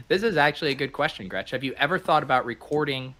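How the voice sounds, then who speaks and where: Bright-voiced laid-back podcast co-host man. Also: a little high, expressive, fairly quick. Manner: laid-back, chatty, laughs often. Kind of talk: casual podcast chat.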